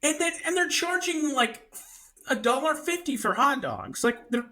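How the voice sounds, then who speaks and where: A young man co-hosting a casual podcast, telling stories with lots of comic exaggeration. His pitch swings widely as he talks, and his voice has a bright, forward edge. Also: moderate pace. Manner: animated storytelling with comic exaggeration. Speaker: podcast co-host. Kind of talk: casual chat.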